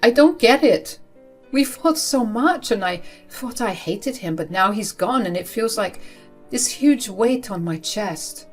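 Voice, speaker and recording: A woman's voice: mid-range voice, lively intonation, soft background music. A woman voicing a tearful grieving young man. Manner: tearful, halting confession.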